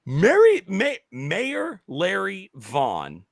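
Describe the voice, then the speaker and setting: A man co-hosting a podcast, talking excitedly in casual chat with many restarts and halting phrases. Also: sits high, vocal fry, dry recording, studio quality. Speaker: podcast co-host.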